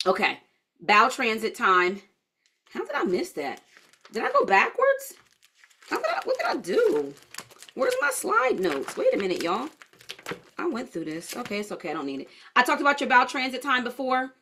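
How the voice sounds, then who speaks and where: A woman's voice: mid-range voice, fairly bright tone. A woman leading a live-streamed holistic health class, chatty and blunt, answering viewer comments as she goes.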